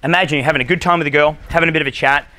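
An Australian man lectures a seminar crowd as a dating coach, with a blunt, swearing, punchy delivery. His voice is bright and forceful, pitched a bit above most men's. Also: fairly even intonation, rapid-fire. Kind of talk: live seminar talk. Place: conference room with live audience.

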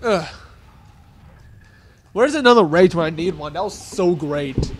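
A man's voice: high voice, lively intonation, unhurried, a little hiss or hum. A young man giving casual, jokey commentary while playing a video game, grunting and yelping when hit and talking back at the enemies. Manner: goofy, grunting and yelping at hits; jokey self-talk to the enemies. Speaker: let's play gamer.

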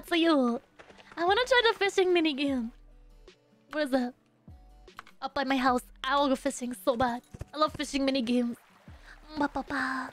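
Brief: young woman game streamer, high bright-toned voice, giggly and playful, faint music underneath. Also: normal speed, long pauses. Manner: playful, giggly, hums little nonsense syllables. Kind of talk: casual live game-stream chat.

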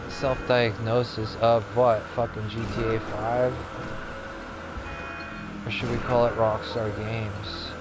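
A man's voice: lowish voice, level tone, slow pace, pauses often, noisy background. A man ranting with constant swearing while commentating his gameplay. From Canada. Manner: profane, exasperated ranting. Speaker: gaming streamer. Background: video game music.

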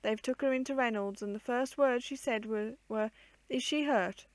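A woman's voice: on the high side, normal speed, no room sound, lightly acted. A woman reading aloud, voicing a kind, fretful nursemaid who speaks in homely, emotional phrases, in a dry room. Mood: tearful. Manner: colloquial, doting, emotional. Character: tearful old-fashioned nursemaid, kind and fretful.

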